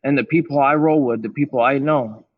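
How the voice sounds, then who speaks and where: A man's voice: medium pitch, brisk, breathy edge, no room sound, phone-quality sound. A man guest on a podcast, telling his story in a blunt, emphatic way with plenty of swearing. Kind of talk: candid storytelling interview.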